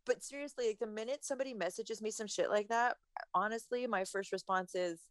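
A woman's voice: mid-range voice, fairly quick, no room sound, clean studio sound. A woman cohosting a podcast in casual chat, laughing often and slipping into mock-tough asides.

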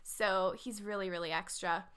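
A young woman talking through a classic novel in a relaxed podcast chat. Her voice sits at an ordinary middle pitch. She is chatty and wry, with frequent fillers and quick asides. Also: clear, resonant tone. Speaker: podcast co-host. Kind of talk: casual book discussion.

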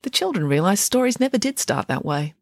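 Casting: woman narrator for a children's book, lively melodic reading, close dry mic. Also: medium pitch, a little fast, vocal fry, no room sound. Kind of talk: audiobook narration.

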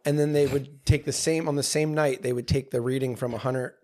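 A young male podcast co-host talks through an explanation in casual chat, pausing and restarting as he hunts for the right words. His voice has an everyday middle pitch. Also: fairly even intonation, a little mellow. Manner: explains haltingly, many fillers and restarts.

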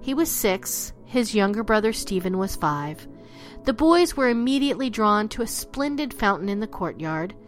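A woman narrating a ghost story in an expressive, dramatic way, dropping low and slowing down for the eerie parts. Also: soft background music. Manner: expressive, drops low and slows for spooky lines.

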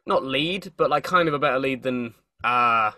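A man's voice: medium pitch, moderate pace, sharp tone, no echo. A man chatting casually on a podcast. He rambles, restarts his sentences often, and swears casually. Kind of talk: casual chat.

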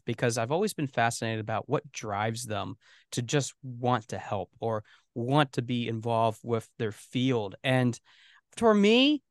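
A man's voice: medium pitch, clear, resonant tone, no echo, studio quality. A man hosting an interview podcast, asking long, earnest questions. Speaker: podcast host.

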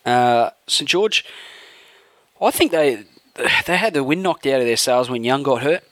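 A man's voice: medium pitch, animated, a little slow, a bit bright, no echo. A man co-hosting a casual sports podcast, blunt and profane with sarcastic banter. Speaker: podcast co-host.

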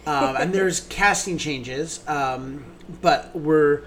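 A man's voice: fairly high pitch, very slow, fairly bright tone. A man co-hosting a theater podcast, gushing enthusiastically about shows in casual chat, with many ums.

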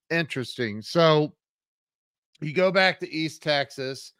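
A man's voice: fairly high pitch, takes it slowly, a bit bright, clean tone. A man hosting an interview, asking short, curious follow-up questions. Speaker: podcast host. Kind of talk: interview chat.

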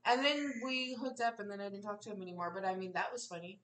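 A woman's voice: medium pitch, fast, roomy sound, distant mic, heavy background noise. A young adult woman telling candid, profane stories in casual chat, often laughing. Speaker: podcast co-host.

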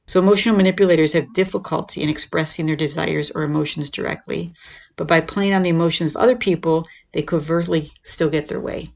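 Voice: mid-range voice, fairly quick, gravelly. A podcast host explaining things in a casual, conversational way, often checking in with "right?" and "you know". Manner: acts out quoted lines in a lifted, animated voice. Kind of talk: casual explanatory talk on relationships.

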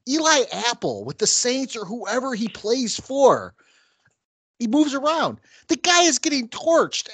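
Middle-aged upstate New York man, lively ranting podcast host, dry close sound. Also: very high-pitched, slightly rough, no echo. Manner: ranting, mimics fans in sudden bursts. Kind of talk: casual sports chat.

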